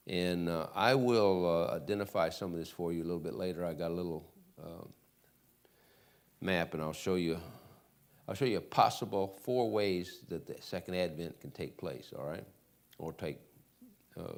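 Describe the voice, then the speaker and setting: A man from Michigan with a Michigan American accent, teaching Sunday school in a church classroom, reading scripture verses slowly and loudly between casual asides. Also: deep voice. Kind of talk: Bible lesson reading scripture aloud.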